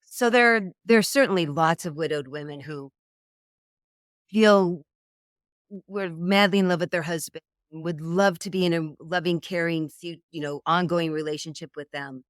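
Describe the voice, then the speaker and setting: A middle-aged woman dating coach speaks in a fairly low voice, telling stories and acting out the people in them. The sound is dry and close, with no room echo. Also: moderate pace. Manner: animated storyteller, acts out quoted voices. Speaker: dating coach, podcast guest. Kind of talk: conversational interview.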